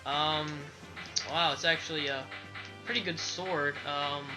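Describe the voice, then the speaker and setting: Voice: medium pitch, fairly even intonation, a little slow, rough recording. A let's play commentator rambling with sarcastic asides over the dialogue, with game music playing behind.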